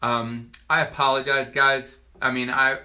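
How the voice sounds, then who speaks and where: A man in his forties from Virginia, a doctor giving a personal testimonial to camera in an earnest, halting way with many restarts. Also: mid-range voice, level tone, pushed and bright. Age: 40s.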